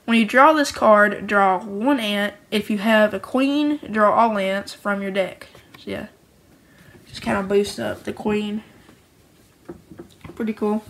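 A woman's voice: medium pitch, a bit bright, a little hiss or hum, rough recording. A woman who makes her own card game, casually and cheerfully going through each card, rambling and often restarting her sentences. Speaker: homemade card game creator.

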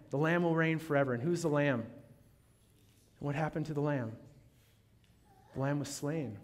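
A male pastor preaching a sermon in a dramatic way, swinging from loud proclamation down to a hushed near-whisper. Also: a little high, moderate pace, pauses often. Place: church sanctuary. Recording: long reverb of a large church hall.

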